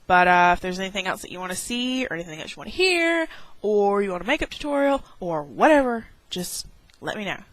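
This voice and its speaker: Animated young woman telling a story. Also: fairly quick, dry recording, poor audio. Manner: dramatic, with squeaky acted-out exclamations; heavy use of "like". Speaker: vlogger.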